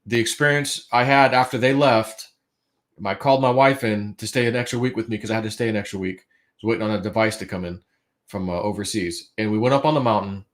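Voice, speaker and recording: A man on a livestream telling a story casually, acting out his own quotes and swinging between hushed and loud. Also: on the low side. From United States.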